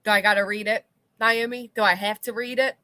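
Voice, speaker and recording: Bright, blunt woman streamer. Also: medium pitch, fairly even intonation, fairly quick, dry recording. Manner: blunt, sarcastic, swears casually. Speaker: commentary channel host. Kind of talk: livestream commentary reading chat.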